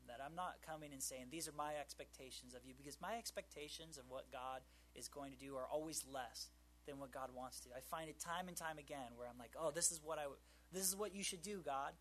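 A man's voice: mid-range voice, a bit bright, slight background noise. A man giving a casual, conversational Bible teaching, full of fillers and joking asides.

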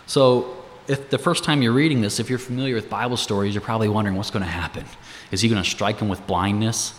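A man's voice: lowish voice, fast talker, long reverb tail. A man giving a casual, conversational Bible teaching, explaining verses, asking rhetorical questions and chuckling between points.

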